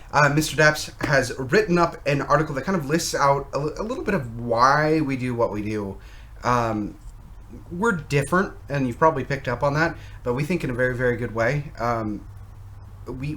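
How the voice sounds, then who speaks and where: A man's voice: mid-range voice, a bit bright. A man co-hosting a podcast in casual chat, jokey and playful, with frequent fillers. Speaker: podcast co-host. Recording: faint background noise.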